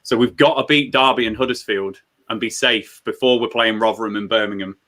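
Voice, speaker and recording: A man's voice: fairly low pitch, brisk. A man hosting a live football watchalong, reading out viewer comments and venting about his team's form. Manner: reads out viewer comments, frustrated and animated. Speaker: football fan watchalong host. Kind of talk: casual live watchalong chat.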